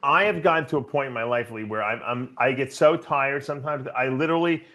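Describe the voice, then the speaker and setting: A man's voice: mid-range voice, fast talker, fairly bright tone. A man hosting a casual podcast chat, rambling and repeating words as he restarts his sentences. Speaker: podcast host.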